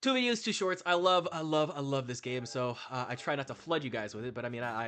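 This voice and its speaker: A man's voice: mid-range voice, a little fast, fairly bright tone, soft background music. A man giving casual, rambling gameplay commentary, swearing freely and musing on life as he plays. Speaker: let's play streamer.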